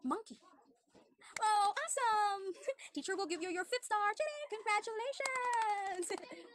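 Very high, bright-voiced woman teaching a child. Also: no room sound. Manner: exaggerated cheerful praise, slow teacher-talk to a small child. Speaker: online English teacher. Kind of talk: demo lesson for a young child.

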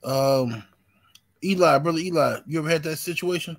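A man's voice: on the high side, moderate pace, no echo, low-quality recording. A man hosting a casual talk show, reading out questions and calling on guests in a laid-back way. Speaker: host.

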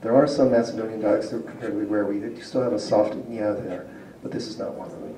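A man gives a public linguistics lecture to a community audience in a roomy hall, recorded from a distance with a little hiss or hum. His voice is fairly low, steady, and mellow at a quick pace, and he explains patiently, asks the room questions, and chuckles often.

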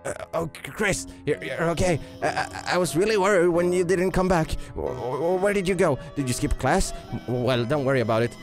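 A man's voice: fairly high pitch, expressive, moderate pace, hardly any pauses, faint music behind. A man reading the lines of a nervous, stammering lizard teacher from a game.

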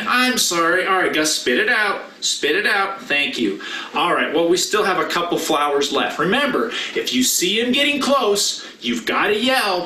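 A man leads a children's message as pastor, with playful, animated banter and a high, bright, swooping voice. He sounds off-mic and distant in a roomy church. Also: normal speed. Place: church sanctuary.

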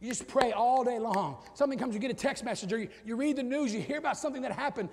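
A middle-aged male pastor preaching a sermon, swinging from loud shouted peaks to low quiet asides. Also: animated, very fast. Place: church sanctuary with long reverb. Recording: reverberant church hall.

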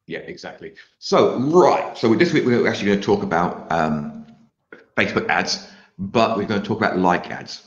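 A man with a lowish voice hosts a live show, upbeat and jokey in his chat. His sound is roomy and a little dull, as if coming over a video call. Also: lively intonation, normal speed. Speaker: host.

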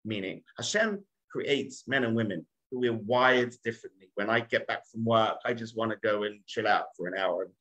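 Chatty English rabbi telling stories. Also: male voice, lowish voice, expressive, moderate pace, few pauses, sharp tone, poor audio. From England. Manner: chatty, self-mocking, lots of "like". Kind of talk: humorous storytelling lesson.

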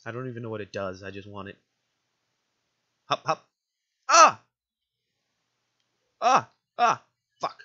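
A man's voice: lowish voice, a little fast, long pauses, pushed and bright, lo-fi sound. A man giving casual, jokey, profane commentary while playing a video game. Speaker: let's play gamer.

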